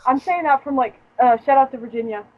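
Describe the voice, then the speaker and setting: A young woman chatting casually as a podcast host, her voice pitched a little high. She tells her story in a profane, joking way and breaks into laughter often. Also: brisk, a little mellow, slight background noise, rough recording. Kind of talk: casual chat.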